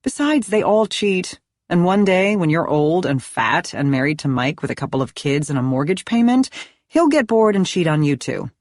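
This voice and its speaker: A woman's voice: on the low side, big pitch swings, moderate pace, a little mellow, dry recording, clean studio sound. Woman playing a brash young college woman. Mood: dismissive.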